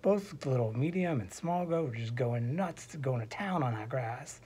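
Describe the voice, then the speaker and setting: A man's voice: medium pitch, expressive, moderate pace, darkish tone, a little hiss or hum. A man casually telling a silly fairy tale from a hospital room, wandering into asides and sometimes dropping to a whisper. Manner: digressive asides, drops to a whisper at times. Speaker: storyteller. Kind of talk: casual rambling storytelling.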